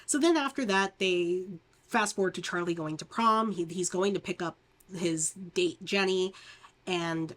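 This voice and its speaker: A woman's voice: mid-range voice, a little slow, fairly bright tone. A woman reviewing horror movies, recapping a plot in a rambling, chatty way full of fillers and restarts, laughing often and acting out the characters' lines.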